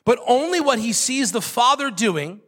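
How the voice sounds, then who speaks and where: A pastor with a very high-pitched, expressive, slightly bright voice preaches at normal speed in a room that sounds large. He is emphatic, repeats his key phrases, and jokes with the congregation.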